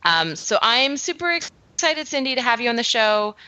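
A woman from Canada with a softened Canadian accent, hosting a podcast in casual, chatty talk full of "like" and "um". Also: a little high, big pitch swings, normal speed, no echo, dull audio. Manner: chatty, filler-heavy, laughs often. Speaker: podcast host. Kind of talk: casual chat.

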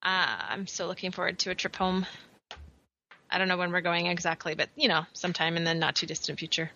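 A woman's voice: fairly low pitch, level tone, brisk, vocal fry, pushed and bright, dull audio. A woman from Canada co-hosting a podcast, chatting in a playful, jokey way. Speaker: podcast co-host. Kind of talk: casual chat.

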